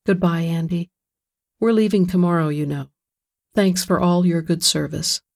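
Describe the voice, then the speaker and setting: Give me a narrator playing a nervous wife, polite and softly evasive. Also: female voice, lowish voice, steady tone, normal speed, creaky. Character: tense, nervous wife eager to get away.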